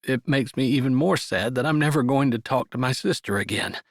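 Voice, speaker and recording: A reclusive, scarred man from an audiobook romance, speaking gently and haltingly through grief, played by the male narrator close to his own voice. The tone is an ordinary mid-range male one. The recording is dry, with no room around it. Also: mid-range voice, no room sound, lightly acted. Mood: gentle, grieving. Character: grieving, gruff but gentle uncle.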